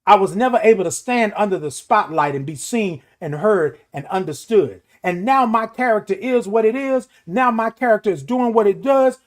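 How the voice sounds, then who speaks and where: A middle-aged man hosting a morning show, giving a motivational talk in an emphatic, repetitive preaching cadence. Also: high-pitched. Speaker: host.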